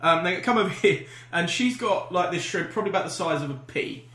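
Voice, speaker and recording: A man's voice: high voice, expressive, brisk, pushed and bright. A man on a comedy podcast, rambling through a story with swearing and frequent laughter. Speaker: podcast co-host. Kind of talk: casual banter. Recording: echoey room.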